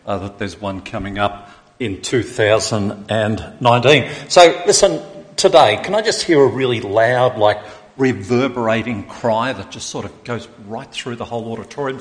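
Male pastor, lowish voice, preaching a lively sermon to a church auditorium. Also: moderate pace, breathy edge. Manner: rousing, draws in congregation.

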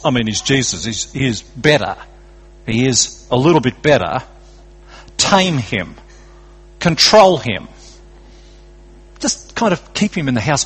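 An older Australian man preaching a sermon in an earnest, conversational way, going from lively emphasis to quiet drops. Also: medium pitch, slightly rough, low-quality recording.

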